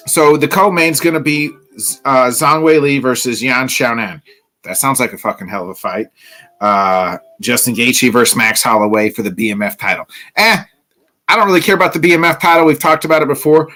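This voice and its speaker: Bright-voiced man hosting sports talk. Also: on the high side. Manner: rambling, filler-heavy. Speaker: podcast host. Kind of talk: casual solo sports talk.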